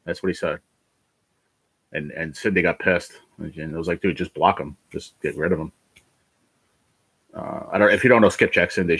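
A man on a casual livestream, rambling through his frustrations and swearing often. His voice sits very low and sounds husky. He sounds worn down by illness, and the recording is close and dry. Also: dry recording, poor audio. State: ill, worn down. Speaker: livestream host.

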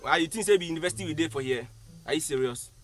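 An actor playing an angry husband who defends his wife, speaking in a loud, outraged way. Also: a little high, racing, soft background music, natural voice. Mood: scolding.

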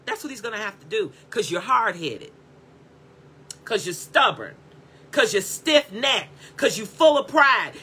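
Fervent high-voiced woman preaching. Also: bright, forceful tone, husky. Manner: fervent, repetitive exhortation with cries of praise; blunt, scolding and direct. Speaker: prophetic teacher and preacher. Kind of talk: impassioned sermon.

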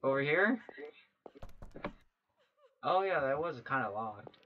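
A man giving gameplay commentary as a let's play host, who gets jumpy and shouts when startled. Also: mid-range voice, big pitch swings, takes it slowly, muffled recording, a little hiss or hum.

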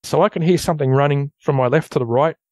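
A man with an Australian accent, a guest telling a long story in a rambling, casual way that turns animated at the tense parts. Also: a little high, fast talker, no echo. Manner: rambling, loose storyteller who grows animated at tense moments. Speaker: guest recounting an encounter.

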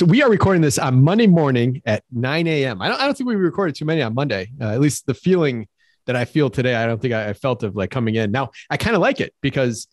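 A man's voice: medium pitch, no room sound, clean studio sound. A man co-hosting a podcast as a real estate broker, talking enthusiastically in rambling runs with frequent restarts. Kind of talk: casual podcast chat.

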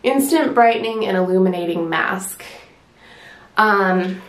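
A woman's voice: medium pitch, a little slow, roomy sound. A woman chatting casually through a beauty product review, a little winded, with many fillers and restarts. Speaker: beauty vlogger.

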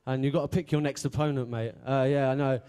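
A man's voice: mid-range voice, fairly even intonation, fast, dark tone, smooth. A man emceeing a live beatbox event on stage, chatty and joking as he hypes the crowd. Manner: hyping the crowd, chatty and jokey. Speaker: event host.

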